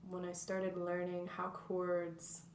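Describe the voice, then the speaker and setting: A woman in her twenties from North Carolina, USA, is a reflective guest in a casual interview chat, her talk full of fillers and restarts. Her lowish voice is completely flat and slow. The mic is distant, and the echoey room adds faint noise.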